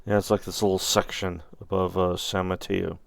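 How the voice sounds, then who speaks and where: Deep, gravelly man in casual chat. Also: little pitch movement, normal speed, dry recording. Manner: thinks aloud while browsing, loose and joking. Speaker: channel host.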